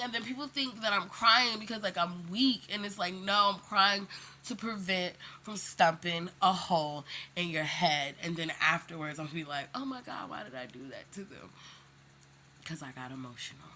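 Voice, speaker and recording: A woman's voice: fairly low pitch, moderate pace, bright, forceful tone, slight background noise. A woman speaking in a casual, candid monologue to camera, emphatic and slangy, rambling with lots of fillers. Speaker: vlogger.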